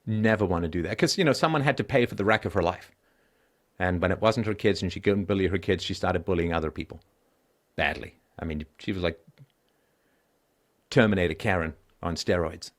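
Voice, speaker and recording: On his call-in show, a middle-aged man delivers personal anecdotes bluntly, with profanity. He moves briskly, his voice going low and weary and then turning loud and emphatic.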